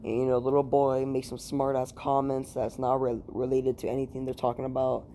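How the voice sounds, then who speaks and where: A man's voice: medium pitch, completely flat delivery, a little fast, dark tone, a little hiss or hum. A man casually retelling a fan story at home, rambling and swearing, with lots of fillers. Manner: rambling, profane, heavy with fillers. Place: room at home.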